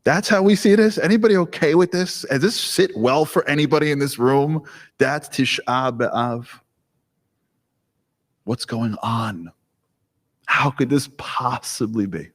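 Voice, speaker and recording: A man giving a live talk to an audience, telling stories in an animated, joking way. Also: medium pitch, unhurried. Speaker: speaker. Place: hall with an audience. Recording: long hall reverb.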